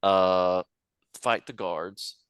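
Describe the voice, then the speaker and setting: A man's voice: low voice, steady tone, extremely slow, fairly bright tone, clear, resonant tone, no echo. Hesitant man at a game table. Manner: puzzled, hesitant, stammering. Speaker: player.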